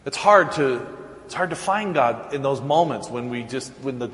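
A man preaching a sermon as a pastor, telling stories in a relaxed, conversational way with frequent chuckles. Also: medium pitch, measured pace. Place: church sanctuary. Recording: echoey church hall, faint ambience.

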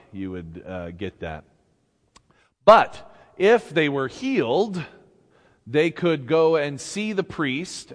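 A man preaching a conversational sermon in a church, animated and casual, acting out the voices in the story and chuckling along the way. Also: medium pitch. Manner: conversational, animated, acts out shouted quotes, chuckles. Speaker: pastor. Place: church sanctuary. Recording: church hall reverb.

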